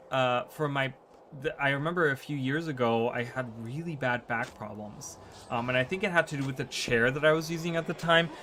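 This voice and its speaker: A man's voice: mid-range voice, a bit bright, slight background noise. Rambling man chatting on stream. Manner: rambling, filler-heavy, often asks "right?". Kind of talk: casual chat to stream viewers. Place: home streaming room.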